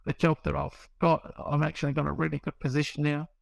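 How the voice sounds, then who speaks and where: Middle-aged aussie bloke rambling through his story, slightly high gravelly voice, dry close sound. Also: completely flat delivery, fast, no echo, rough recording. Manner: rambling, restarts, acts out quoted dialogue. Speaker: guest sharing recovery story. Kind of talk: casual storytelling.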